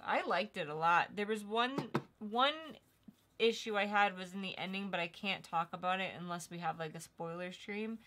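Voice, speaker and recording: A woman's voice: medium pitch, steady tone, moderate pace, background noise. A young woman co-hosting a live stream, chatting casually and teasing her co-host. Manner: chatty, teasing, laughs easily. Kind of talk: casual chat.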